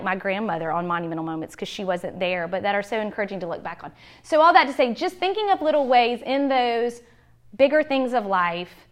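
A woman, giving a chatty, heartfelt church workshop talk and acting out quoted lines. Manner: chatty, heartfelt, acts out quotes with big pitch swings. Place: church meeting room.

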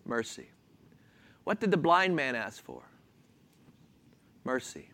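A man with a mid-range voice preaches slowly, asking his congregation questions and responding to them himself. His manner is animated, with chuckles along the way.

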